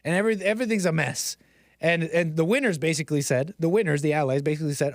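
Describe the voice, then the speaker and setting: A man live-streams a rambling monologue in a slightly high voice, laughing at himself and restarting his thoughts as he goes. His manner is casual and self-deprecating. The close mic gives a dry, unroomy sound. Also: fast, no echo.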